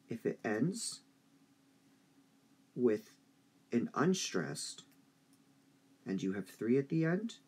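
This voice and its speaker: A man teaching a high school English review lesson, speaking slowly and deliberately and drawing out stressed syllables. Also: a little mellow, husky.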